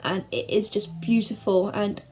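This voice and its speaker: A young woman from England answering viewer questions in a chatty, bubbly way, speeding up when she gets excited. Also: medium pitch, unhurried, a little hiss or hum. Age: young adult. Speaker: vlogger. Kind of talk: casual to-camera Q&A.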